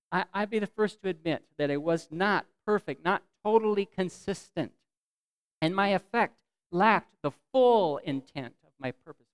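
A man's voice: sits high, clean tone, no echo, rough recording. A middle-aged man preaching a sermon in church, earnest, reading scripture aloud with a voice that swells and drops. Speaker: pastor.

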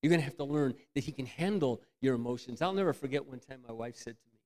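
A pastor with a mid-range voice preaches fast, telling candid, self-mocking stories in his sermon. His volume swings from loud outbursts down to near-whispers.

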